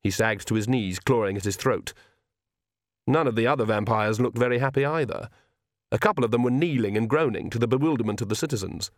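A man narrating an audiobook with expressive, lively storytelling. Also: on the low side, moderate pace, no room sound, clean studio sound. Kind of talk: scripted narration.

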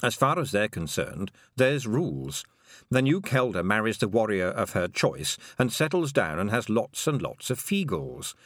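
A man reading aloud, voicing a sardonic male toad with a slow, wry drawl. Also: lowish voice, sing-song, fairly bright tone, dry recording, studio quality.

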